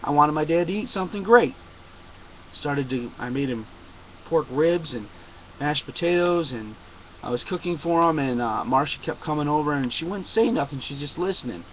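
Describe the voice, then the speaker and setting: A man's voice: fairly high pitch, lively intonation, normal speed. A man telling a long personal story to a webcam, emphatic and insistent, often digressing. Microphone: webcam mic. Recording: dull lo-fi webcam audio with faint noise.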